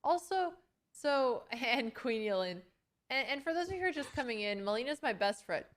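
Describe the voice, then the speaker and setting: A woman's voice: a little high, animated, normal speed. Chatty young woman hosting a stream. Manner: chatty, greets viewers and thanks them between stories. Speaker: streamer host. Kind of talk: casual chat on a livestream.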